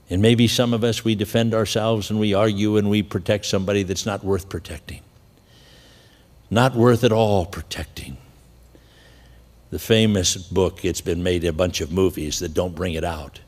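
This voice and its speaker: A man's voice: sits low, fairly even intonation, moderate pace, a little mellow, in a large hall. Chuckling storytelling male preacher. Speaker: pastor. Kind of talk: sermon.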